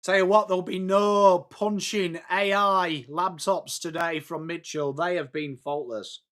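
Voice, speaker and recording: Excitable English man hosting a watchalong. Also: high-pitched, measured pace. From England. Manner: chatty and excitable, reads out viewer names. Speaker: watchalong stream host. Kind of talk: live football watchalong chat.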